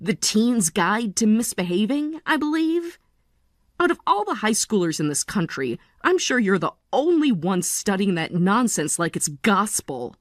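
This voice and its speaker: A woman in her forties playing a tired but resolute mother in a text-story drama, speaking in a calm, measured way. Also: medium pitch, no room sound, clean studio sound. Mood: calm resolve. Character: weary, resolute mother leaving her family.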